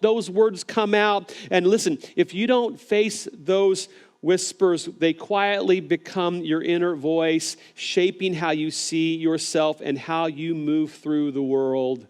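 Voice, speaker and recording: A man preaching a sermon as pastor, earnest and gentle, often repeating words as he starts a phrase and speaking straight to viewers online. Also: high-pitched, steady tone, takes it slowly, clear, resonant tone.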